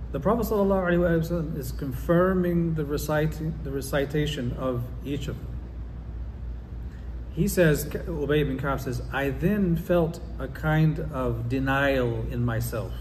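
A man's voice: mid-range voice, darkish tone, slight background noise. A man teaching an Islamic study class, reading quotes aloud and putting questions to his students. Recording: long hall reverb, faint ambience.

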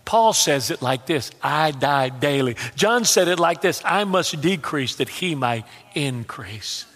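A man's voice: fairly high pitch, unhurried, long reverb tail. A man preaching a sermon as pastor, telling stories with humor and stumbling restarts. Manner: animated, humorous storytelling with repetitions and stammered restarts. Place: church hall.

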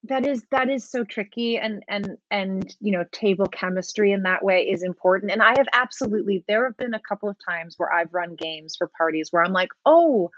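A woman game master chatting as a podcast guest, animated and laughing often. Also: mid-range voice, brisk, hardly any pauses, dry recording, lo-fi sound. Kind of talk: casual interview talk.

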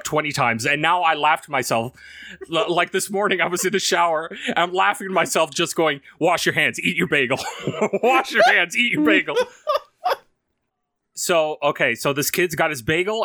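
A man casually telling a profane, animated story about his day, swearing constantly and laughing as he goes. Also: fairly high pitch, no room sound.

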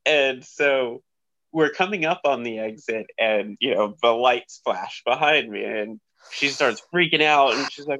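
A man's voice: medium pitch, unhurried, pushed and bright, no room sound, lo-fi sound. A man who is a podcast guest, telling a story in a laid-back, rambling way with fillers. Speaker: podcast guest, best friend. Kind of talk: casual storytelling.

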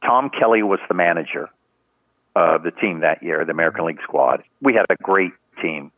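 A man's voice: deep voice, fairly quick, no room sound. An older man, a retired sports trainer and guest on an interview show, tells rambling anecdotes full of "you know" and restarts. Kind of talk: casual storytelling in a podcast interview. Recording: tinny phone-like line, dry.

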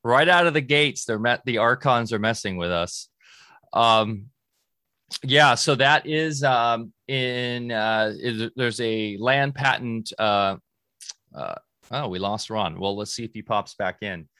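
A man hosts a podcast in a loose, casual way, stopping often for ums and uhs. His voice sits in an everyday middle pitch and comes through dry and close over a video call. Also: takes it slowly, pushed and bright, no echo. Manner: hesitant, many ums and uhs. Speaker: podcast host.

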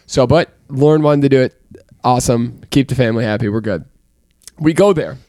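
A man co-hosting a casual podcast chat, telling stories in an animated, exasperated way. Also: mid-range voice, a little fast. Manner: animated storyteller, exasperated rants. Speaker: podcast co-host.

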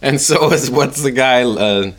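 A man's voice: medium pitch, measured pace, a bit bright. A man co-hosting a casual comedy chat, laughing often and trailing off mid-thought. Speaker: podcast co-host.

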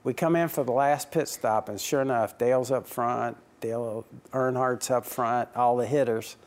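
A man's voice: medium pitch, fairly even intonation, moderate pace. Chuckling man telling stories. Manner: chuckling anecdotal storyteller, acts out dialogue. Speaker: racing team owner. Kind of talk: storytelling interview answers.

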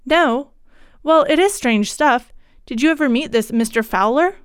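A woman's voice: high voice, expressive, measured pace, clean tone, no echo, studio quality. A woman voicing a stern older mother in a period ghost story, urgent and commanding. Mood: musing.

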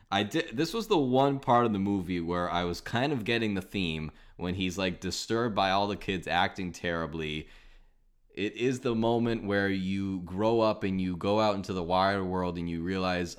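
A man's voice: low-pitched, clean tone. A man hosting a podcast, chatting casually and wryly picking apart a film. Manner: wry, sarcastic movie critique. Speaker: podcast host. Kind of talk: casual chat.

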